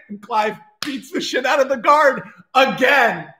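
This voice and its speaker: A man pitching a movie plot casually on a livestream, excitable and profane, racing through in bursts with restarts. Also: measured pace, hardly any pauses.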